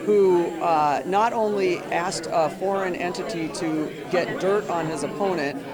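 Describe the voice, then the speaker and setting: A woman politician answering questions in a firm, deliberate way. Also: on the low side, a crowd in the background. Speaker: congresswoman. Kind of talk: interview answers.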